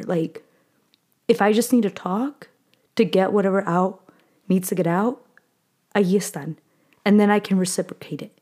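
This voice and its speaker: A woman's voice: medium pitch, mellow. A young woman from Southern California hosting a casual solo podcast, rambling and heartfelt, switching between English and Spanish and often saying "like". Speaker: podcast host.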